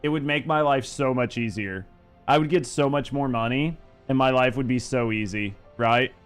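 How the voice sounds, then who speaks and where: Smooth-voiced profane male streamer. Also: mid-range voice, normal speed, soft background music. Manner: loose, profane, joking banter with chat. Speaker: streamer and gaming host. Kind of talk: casual live-stream chat.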